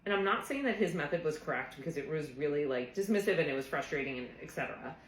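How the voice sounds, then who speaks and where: Low-voiced woman telling a personal story. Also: expressive, quick pace, echoey room, low-quality recording. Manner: earnest, reflective, frequent "like" fillers. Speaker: therapist. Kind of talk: casual personal storytelling to camera.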